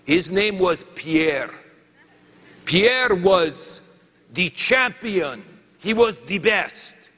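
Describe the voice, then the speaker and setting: Man doing a comic French woodcutter, high-pitched and drawn-out, thick put-on accent, long hall reverb. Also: lively intonation, pushed and bright, full character voice. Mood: storytelling. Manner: halting, broken English, comic timing. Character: boastful French lumberjack man, comic storyteller.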